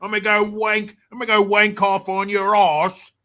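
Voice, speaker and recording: Man doing a mock-Cockney bloke, crude, cheeky, high bright voice. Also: flat delivery, normal speed. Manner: exaggerated Cockney-style put-on, crude slang.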